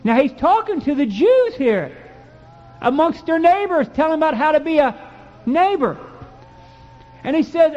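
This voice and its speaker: A man's voice: extremely high pitch, very animated, a little slow, long pauses, darkish tone, in a large hall. A man preaching a sermon and reading scripture in a folksy, emphatic way that builds to fervent peaks. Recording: dull lo-fi recording.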